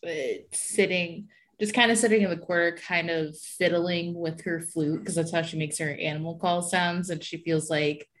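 Woman player, lowish voice, rambling, giggly, tabletop game. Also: steady tone, moderate pace, few pauses. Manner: rambling, many fillers, giggly. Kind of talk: describing her character in a tabletop game.

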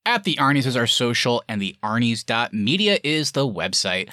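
A man's voice: mid-range voice, normal speed, no room sound, studio quality. A man hosting a podcast, closing out the episode in a casual, enthusiastic way. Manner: animated, enthusiastic outro delivery. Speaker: podcast host.

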